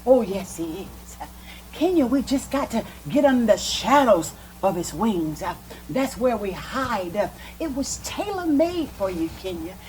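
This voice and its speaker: A woman minister ministering and praying aloud on a TV program, fervent and deliberate, with soft music behind her. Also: medium pitch, big pitch swings, a little hiss or hum, poor audio. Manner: fervent, slow and deliberate, preacherly. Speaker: Christian minister.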